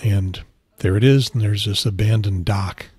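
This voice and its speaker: Male podcast host, husky and low, dry close sound, hushed rambling delivery. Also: steady tone, a little slow, dry recording. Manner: rambling, self-correcting, quiet. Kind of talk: casual solo podcast talk. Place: outdoors on a beach trip.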